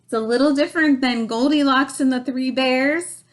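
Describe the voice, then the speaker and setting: A woman reading a picture book aloud to children, gentle and storytelling, then chatting about the story. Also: high voice, fairly even intonation, moderate pace.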